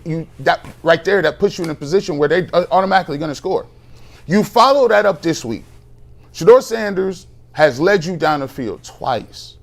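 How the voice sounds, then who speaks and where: A man on a sports talk show, venting with heated exasperation and plenty of slang. His voice sits a little higher than most men's. He sounds animated and fired up, pressing his point hard.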